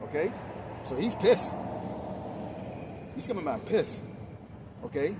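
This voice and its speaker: A man preaching an open-air sermon outdoors by a busy street, in a loud, confrontational and profane manner. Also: a little high, very animated, takes it slowly, background noise.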